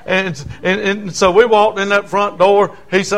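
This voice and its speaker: A man's voice: high-pitched, fairly even intonation, moderate pace, gravelly, few pauses, a bit bright. A male preacher, telling stories in a sermon in a folksy, stammering way. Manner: folksy, stammering restarts, chuckles. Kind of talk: storytelling sermon.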